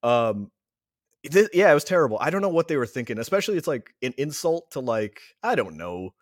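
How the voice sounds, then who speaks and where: A man's voice: mid-range voice, a little fast, no room sound, clean studio sound. A man, a returning podcast guest and a father, ranting sarcastically in casual chat. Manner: sarcastic, animated rants.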